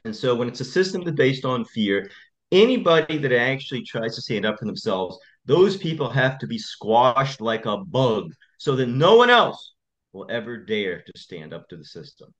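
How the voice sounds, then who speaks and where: A male attorney, interviewed on a podcast, speaks at normal speed in a medium-pitched voice. He relates his stories in an animated, impassioned manner.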